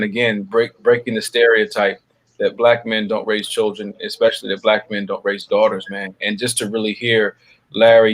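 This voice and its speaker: A man hosting a web panel show on a video call, affirming his guests and often tagging his sentences with "man.". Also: on the low side. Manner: warm, affirming, peppers speech with "man". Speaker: show host. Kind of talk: web series panel talk.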